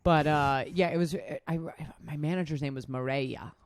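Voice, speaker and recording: A woman's voice: sits low, normal speed. A woman co-hosting a podcast, telling a long story casually in a rambling, profane way full of "like". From Nevada, USA. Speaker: podcast co-host.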